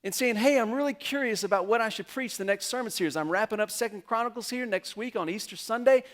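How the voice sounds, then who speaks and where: A man preaching a sermon as pastor, retelling a story and acting out the characters' lines in quick quotes. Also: high-pitched, fairly bright tone.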